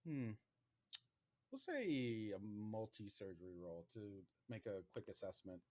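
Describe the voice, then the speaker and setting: A man's voice: on the low side, unhurried. Rambling male game master. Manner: relaxed, rambling, many fillers. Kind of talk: narrating a tabletop game.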